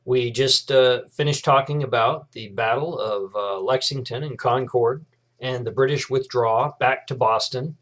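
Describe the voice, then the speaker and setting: A middle-aged man, a history professor giving a recorded lecture in a relaxed way, with many fillers and restarts. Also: mid-range voice, a little slow.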